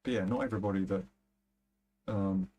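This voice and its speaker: A young man with a lowish voice and a London-area accent talks casually on a game stream. He rambles, swears freely and scatters fillers through his sentences, like someone talking to his chat from a desk mic. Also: steady tone, a little fast, warm tone. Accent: London area English. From England. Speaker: gaming streamer.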